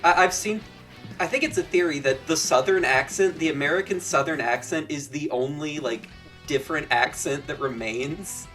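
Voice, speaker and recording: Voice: mid-range voice, moderate pace, a bit bright, faint music behind. A guest on a fan podcast who chats casually and hesitantly, restarting sentences often.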